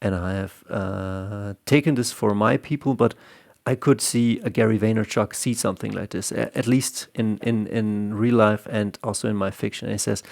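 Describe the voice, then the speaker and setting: Male comic artist explaining his work: gravelly, lowish voice with a casual, rambling delivery. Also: fairly even intonation, normal speed, darkish tone. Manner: loose and rambling, repeating words as he restarts.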